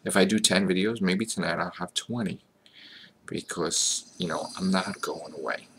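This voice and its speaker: A man's voice: low-pitched, moderate pace, a bit bright, slightly rough. An American man talking to his viewers in a rambling, self-mocking, earnest vlog monologue. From United States. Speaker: vlogger.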